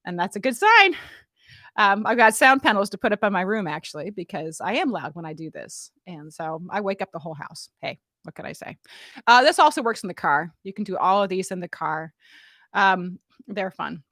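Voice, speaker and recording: Bright, lively woman voice teacher. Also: medium pitch, fairly quick, dry recording. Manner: chatty, playful and relaxed, often asks "right?". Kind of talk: casual vocal warm-up demonstration. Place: room at home. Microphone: studio mic, monitored on headphones.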